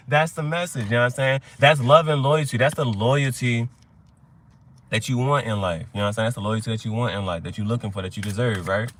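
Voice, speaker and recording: Man, young adult, tarot chat host, rambling, profane, bright forceful tone. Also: medium pitch, fast. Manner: rambling, profane, storytelling with quoted voices. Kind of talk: casual livestream chat.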